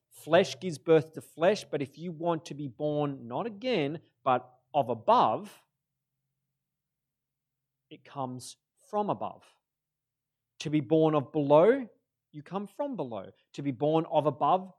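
A man preaching a sermon, animated, moving between loud emphatic bursts and quiet, drawn-out phrases. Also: fairly high pitch.

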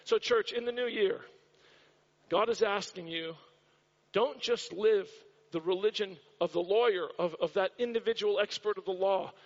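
High-voiced pastor preaching in a reverberant hall. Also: male voice, normal speed. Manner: storytelling, dramatic repetition. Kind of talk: sermon. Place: church hall. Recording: dull recording with long hall reverb.

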